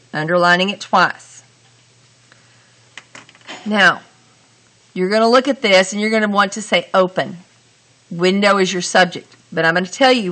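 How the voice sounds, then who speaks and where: A woman teacher explaining grammar step by step, talking through each sentence deliberately and asking the class questions. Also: medium pitch, sharp tone. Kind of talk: grammar lesson.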